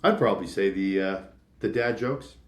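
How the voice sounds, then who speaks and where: A man in his thirties from Canada, a sales leader telling stories in a casual interview, animated and acting out quoted voices. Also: low voice, normal speed, reverberant. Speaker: podcast guest, sales leader.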